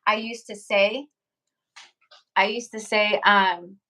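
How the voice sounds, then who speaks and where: Speaking slowly at a medium pitch, this tarot reader rambles easily through a live stream, her voice turning hoarse and rough as it goes on. She laughs a lot, says "like" often, and breaks off again and again to greet and thank chatters by name.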